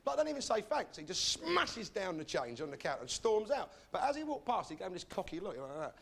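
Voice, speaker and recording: Sardonic comedy host, lively pitch. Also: male voice, brisk, gravelly, a little hiss or hum. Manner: sardonic, deadpan delivery with mock rudeness. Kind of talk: stand-up comedy monologue.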